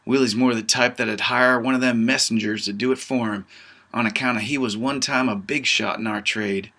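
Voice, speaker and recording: Folksy bright-voiced male storyteller. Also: medium pitch, steady tone, moderate pace. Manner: folksy drawling dialect, tough-guy storyteller. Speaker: author reading his novel. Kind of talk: first-person audiobook narration.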